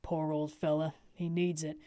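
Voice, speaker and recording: A woman voicing a kindly, brave man in a storybook reading, speaking softly and plainly. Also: deep voice, flat delivery, moderate pace, clear, resonant tone, no room sound, clean studio sound, natural voice. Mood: gentle.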